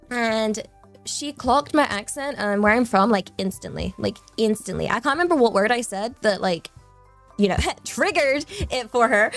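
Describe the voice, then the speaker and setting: A young woman streamer chatting casually, rambling and giggling often. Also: fairly high pitch. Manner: rambling, giggly, self-deprecating.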